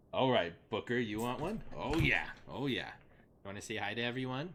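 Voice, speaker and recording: A man's voice: medium pitch, sing-song, normal speed, a bit bright, slight background noise. A young man chatting casually on a live game stream at his desk at home, rambling with lots of fillers and talking sweetly to his dogs.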